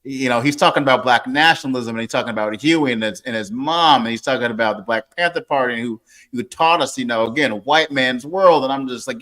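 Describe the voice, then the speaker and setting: Bright-voiced man in his forties. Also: mid-range voice, a little fast. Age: 40s. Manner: rambling, lots of fillers and restarts. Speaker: author guest. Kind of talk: casual interview talk.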